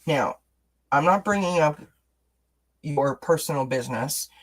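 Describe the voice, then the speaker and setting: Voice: mid-range voice, unhurried, low-quality recording. A tarot card reader giving a casual live-streamed reading, chatty and encouraging, with self-deprecating asides between cards. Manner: chatty, encouraging, responds to chat comments.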